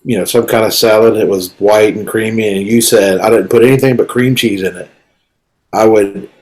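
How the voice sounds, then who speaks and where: Emphatic deadpan man guest. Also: fairly low pitch, moderate pace, poor audio. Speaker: podcast guest. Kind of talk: casual chat.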